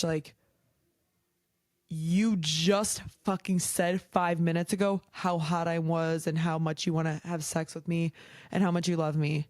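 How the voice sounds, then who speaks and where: A woman's voice: fairly low pitch, little pitch movement, unhurried, darkish tone, dry recording. A young woman hosting a podcast, chatting casually and frankly, heated and swearing often, with a lot of "like". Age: young adult. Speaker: podcast host. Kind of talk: casual chat.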